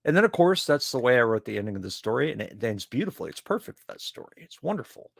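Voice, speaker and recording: A man chats on a writing podcast with a very lively, swooping delivery. He laughs often and swears casually. The sound is dry and close, with no room around him. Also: mid-range voice, fast talker, gravelly, dry recording. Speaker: podcast co-host; writer. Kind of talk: casual chat.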